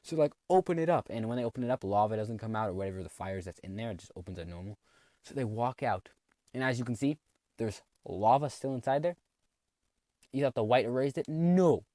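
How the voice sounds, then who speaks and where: A man's voice: medium pitch, expressive, brisk, mellow, no echo. A man giving a rambling comedic recap of a cartoon plot, full of snarky asides. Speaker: video narrator.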